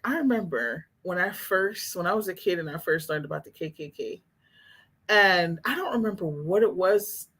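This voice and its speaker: A woman's voice: mid-range voice, breathy edge. Fired-up woman ranting at her chat. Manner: animated, profane, laughing asides, reads chat aloud. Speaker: streamer reacting to chat. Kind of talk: heated casual rant.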